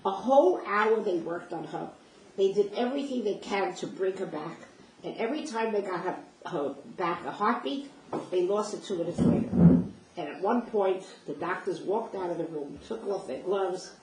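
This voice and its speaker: At a moderate pace and medium pitch, with a slightly mellow quality, an older woman tells a first-person story from her own life. Her retelling is vivid and emotional, full of reenacted dialogue, recorded from a distance in a roomy space with faint noise.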